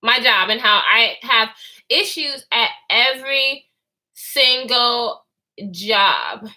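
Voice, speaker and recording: A woman's voice: on the high side, slow, pushed and bright. A woman in her twenties chatting in a candid storytime vlog, profane and chatty, answering comments. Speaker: vlogger. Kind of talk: storytime chat with live comments.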